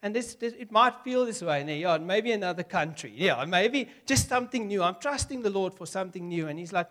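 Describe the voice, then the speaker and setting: Man, pastor, sermon, high-pitched, animated, acts out dialogue. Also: normal speed. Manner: animated, acts out dialogue with God, laughs often.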